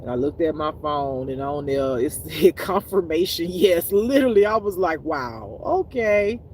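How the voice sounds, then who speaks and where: A tired man talks loosely to his live-stream viewers through a phone, and his voice sits a little high for a man. He is chatty and animated, laughing often and calling his listeners y'all. A faint hum of noise runs behind him. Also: normal speed. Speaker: spiritual reader streaming live. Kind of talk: casual live-stream chat.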